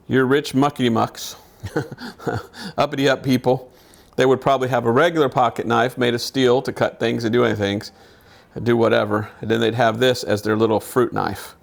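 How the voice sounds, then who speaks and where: A man's voice: medium pitch, gravelly. A man who collects knives, casually talking through a demonstration and musing aloud with a self-amused manner. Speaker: knife collector showing his knives.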